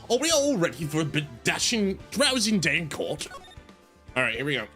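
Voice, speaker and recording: A man's voice: fairly high pitch, huge pitch swings, moderate pace, a bit bright, faint music behind. A man chatting casually on a game livestream, rambling and joking at his own expense while greeting viewers. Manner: rambling, jokey and self-deprecating, greets chat. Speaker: game streamer.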